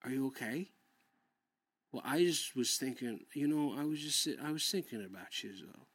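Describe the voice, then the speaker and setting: A man hosting a comic cooking show in a mid-pitched voice, rambling and tripping over his words. He swears freely and turns drunkenly quarrelsome. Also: normal speed, fairly bright tone, husky. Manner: rambling, stammering, drunkenly argumentative; heavy swearing. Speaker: comedy cooking show host. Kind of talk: comedy sketch monologue.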